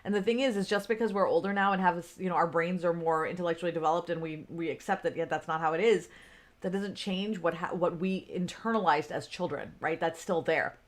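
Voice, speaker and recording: A woman's voice: lowish voice, steady tone, a little fast. A woman in her forties, a business coach, talking off the cuff on a livestream, chatty, with lots of fillers, greeting viewers by name. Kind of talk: unscripted livestream talk.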